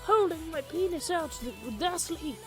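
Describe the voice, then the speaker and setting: A young woman casually recounts a tabletop game session, rambling through self-mocking, crude humor in narrated storytelling. Her very high-pitched, slightly bright voice moves unhurriedly. A cheap home microphone captures her over soft background music.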